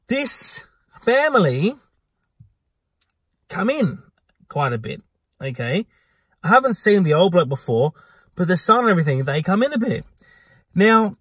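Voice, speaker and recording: Man, husky, fairly high voice, dry close sound, animated storytelling rant. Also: no room sound. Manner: animated, acts out exchanges with swearing. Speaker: venue staff worker telling a story.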